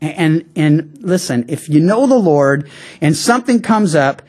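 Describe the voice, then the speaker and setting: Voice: medium pitch, lively intonation, a little mellow. Conversational pastor preaching a sermon. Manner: conversational preaching, slowing down on key phrases; frequent restarts and stammered repeats.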